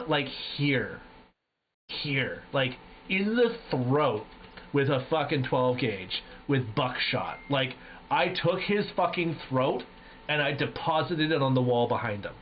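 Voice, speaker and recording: A man streaming live, telling a gaming story in casual chat with animated, profane energy. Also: medium pitch, unhurried, a little hiss or hum. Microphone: headset. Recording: dull lo-fi stream audio.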